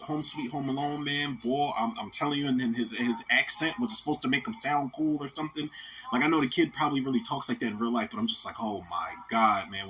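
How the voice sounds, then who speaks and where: A man's voice: mid-range voice, a bit bright, a little hiss or hum. A man in his thirties, hosting a podcast and giving a casual, rambling, profane movie rant that keeps coming back to "man". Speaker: podcast host.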